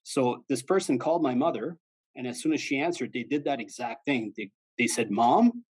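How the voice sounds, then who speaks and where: A former police officer gives a relaxed, conversational talk on fraud prevention. His voice is husky and sits at an ordinary male pitch. He slips into the callers' voices when he tells stories. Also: a little fast, rough recording. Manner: conversational and plain-spoken, acts out quoted callers. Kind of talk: informal educational presentation.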